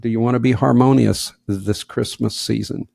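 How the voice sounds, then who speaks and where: A man co-hosting a podcast in casual chat, joking and wry, with a gravelly voice. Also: medium pitch, fairly even intonation, normal speed, darkish tone, no echo. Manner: joking, self-deprecating, wry. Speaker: podcast co-host.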